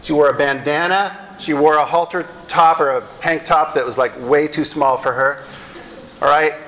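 A middle-aged male pastor telling stories in a sermon, animated and wryly self-deprecating. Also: on the high side, normal speed, a little hiss or hum, poor audio. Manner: animated storyteller with wry self-deprecating humor. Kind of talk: sermon storytelling.

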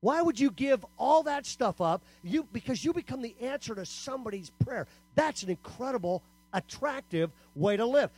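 A man preaching an animated youth camp sermon to teenagers, telling stories and acting out quotes in a punchy way. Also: sits high, dry recording. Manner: storytelling, punchy, acts out quotes.

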